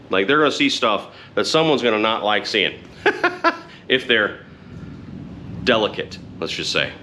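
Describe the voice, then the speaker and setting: Man, middle-aged, casual rambling vlog talk, frank, lower pitch, faint background hum. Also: pushed and bright. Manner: rambling, frank, self-correcting with restarts. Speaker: motorcycle vlogger. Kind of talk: casual chat to camera.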